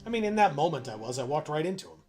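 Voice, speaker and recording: A man's voice: fairly high pitch, sing-song, racing, a little mellow. A man streaming a video game, chatting casually and muttering encouragement to himself while he plays, poking fun at his own mistakes. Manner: muttering self-encouragement, self-mocking. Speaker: co-host playing the game. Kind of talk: casual livestream chat while playing.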